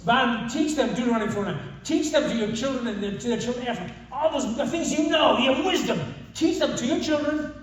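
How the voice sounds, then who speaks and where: An older man gives a retreat talk in a high-pitched voice, telling stories with jokes and many self-corrections. He sounds far from the mic, and his voice rings through a very echoey hall. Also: a little fast, slight background noise. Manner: humorous storytelling with many restarts. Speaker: conference speaker. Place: retreat meeting room. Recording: distant, very echoey room mic.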